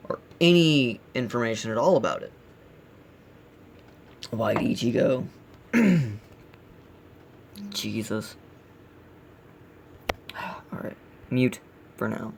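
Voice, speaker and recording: A man with a gravelly voice hosting a casual let's play, giving blunt, grumbling critique as he plays. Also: mid-range voice. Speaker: gaming channel host.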